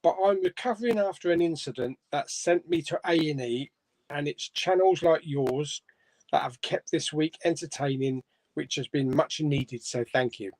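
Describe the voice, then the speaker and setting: A man's voice: a little high, normal speed, darkish tone, no echo. A man hosting a casual live stream, reading viewer comments aloud and chuckling between them. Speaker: host of a live chat stream. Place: home room.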